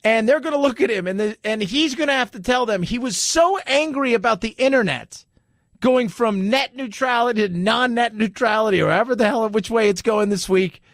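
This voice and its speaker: This man's voice is extremely high and brisk as he hosts talk radio, lampooning the news in an animated way and leaping into overdone quoted voices. There's no room sound, just clean studio audio.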